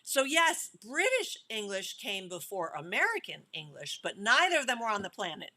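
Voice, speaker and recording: Animated woman film director, bright voice. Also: medium pitch, normal speed. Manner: animated, laughs often, many restarts. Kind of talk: casual interview talk.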